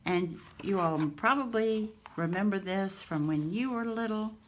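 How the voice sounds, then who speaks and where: A woman's voice: medium pitch, unhurried, slight background noise. An older woman hosting a craft channel, showing her finds in a gushing, sweet way with little laughs. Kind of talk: casual show-and-tell chat.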